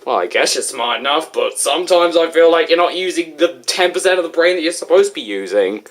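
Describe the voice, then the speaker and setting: A man's voice: a little high, lively intonation, brisk, fairly bright tone. A young man mocking and teasing a reviewer while reacting to his video. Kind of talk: casual reaction commentary.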